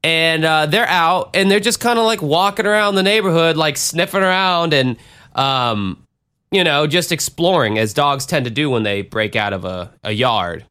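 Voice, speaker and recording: A man's voice: on the high side, normal speed, pushed and bright, smooth. A man hosting a podcast, telling a profane, rambling story in a self-deprecating way. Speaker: podcast host and DJ. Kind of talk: casual storytelling.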